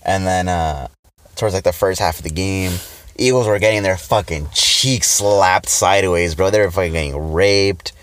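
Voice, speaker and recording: Young male podcast co-host, deep low voice, profane casual storyteller. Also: normal speed, fairly bright tone, clear, resonant tone, no echo. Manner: profane, storytelling, laughs often. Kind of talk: casual chat.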